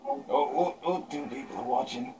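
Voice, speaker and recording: A man, teasing and excitable, bantering casually beside a friend's game. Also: mid-range voice, moderate pace, a little hiss or hum. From Canada. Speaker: co-host of a Let's Play.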